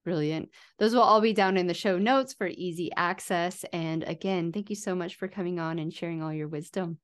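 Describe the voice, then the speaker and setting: A woman's voice: fairly low pitch, normal speed. A woman hosting a podcast, enthusiastic and encouraging as she thanks her guest and signs off. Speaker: podcast host.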